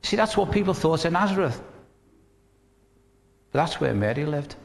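Northern English pastor preaching in a hall. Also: male voice, on the high side, expressive, moderate pace, vocal fry. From northern England. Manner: conversational, with rhetorical questions and humor. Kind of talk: sermon.

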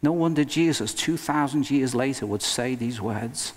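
A male pastor preaching a sermon in an earnest, emphatic way, with dramatic pauses. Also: mid-range voice. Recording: long reverb of a hall.

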